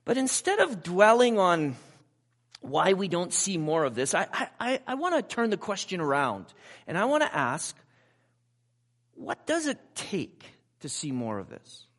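High, lively-voiced male preacher. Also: a little slow. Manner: asks the audience rhetorical questions; conversational, personal asides. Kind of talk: sermon.

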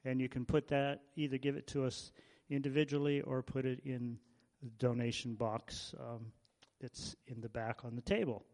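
A man, a visiting missionary, giving informal announcements to a church congregation, halting and repeating himself as he goes. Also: medium pitch, level tone, a little mellow, long reverb tail.

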